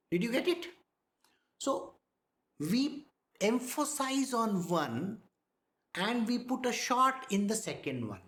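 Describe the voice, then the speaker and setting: A man giving a spiritual discourse, speaking slowly, sounding out words and often checking whether listeners follow. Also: high-pitched, sing-song, a bit bright, roomy sound. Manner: slow, demonstrates pronunciation, asks listeners if they follow. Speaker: spiritual teacher.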